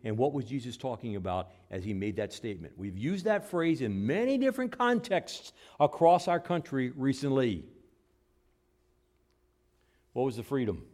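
A man preaching a sermon, emphatic, posing rhetorical questions and swinging between loud and soft. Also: medium pitch, very animated, moderate pace.

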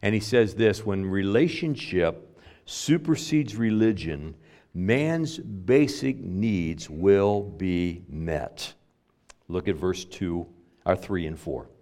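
A male pastor preaches in a relaxed, conversational style. His pitch swings widely as he acts out the voices of the people in his story, and he sometimes stops and restarts mid-phrase. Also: slow. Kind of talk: sermon.

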